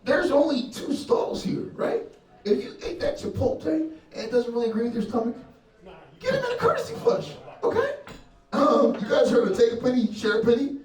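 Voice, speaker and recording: A man's voice: very high voice, brisk, a little mellow. A young man doing a stand-up set, brash and profane, working the crowd and laughing at his own jokes. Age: young adult. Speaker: stand-up comedian. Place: comedy club stage. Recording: roomy live venue from a distance with crowd.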